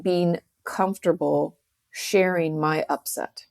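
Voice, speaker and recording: Chatty woman with a gravelly low voice. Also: steady tone, slow, a little mellow. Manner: chatty, many "like" fillers, acts out quotes. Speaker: guest, author. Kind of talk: casual podcast conversation.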